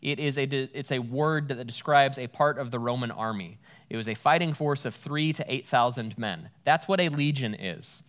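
A man's voice: mid-range voice, normal speed, fairly bright tone. Man teaching scripture conversationally. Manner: casual, thinks aloud, corrects himself mid-sentence. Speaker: Bible teacher.

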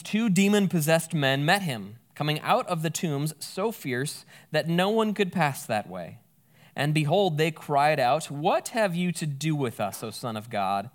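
A man's voice: a little high, a bit bright. A man giving a casual, conversational Bible teaching, thinking aloud and correcting himself as he goes.

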